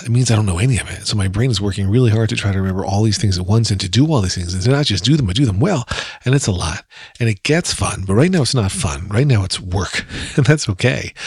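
A man's voice: fairly low pitch, a little mellow, slightly rough, no room sound, studio quality. A man with a New Jersey accent hosting a casual solo podcast, chatty and rambling with self-deprecating asides. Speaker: podcast host.

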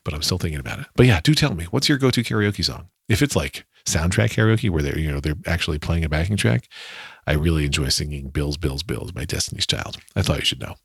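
A man's voice: low-pitched, vocal fry, slightly rough, no echo, studio quality. A man hosting his own podcast, telling a rambling, self-deprecating story in a casual solo monologue. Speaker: podcast host.

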